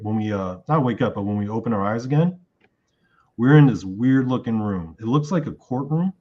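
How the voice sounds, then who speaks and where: This man's voice sits at medium pitch, and the audio is dull. He's a guest in an interview, spinning a long dream story in relaxed talk and lively acting out the lines he spoke in the dream.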